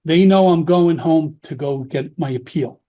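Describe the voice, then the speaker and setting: A middle-aged man, a former police officer, telling his own story in an interview in a blunt, heavily profane, animated way. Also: on the high side, unhurried. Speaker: podcast guest recounting his prison time.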